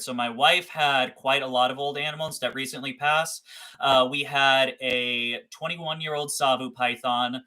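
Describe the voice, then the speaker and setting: Bright-voiced young man on a livestream. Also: medium pitch. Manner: rambling, profane, self-deprecating. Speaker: reptile breeder livestreamer. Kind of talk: casual live-stream chat.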